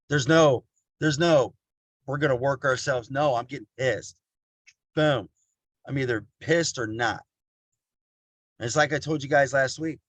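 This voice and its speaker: A man's voice: medium pitch, dry recording. A middle-aged man giving a casual, blunt motivational talk, repeating lines for emphasis and calling his listeners family. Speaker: motivational speaker.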